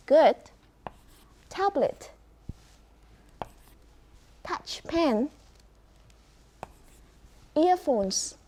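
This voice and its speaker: A high-pitched woman with a Vietnamese accent teaches English, enunciating slowly and clearly. She compliments her students and prompts them to respond.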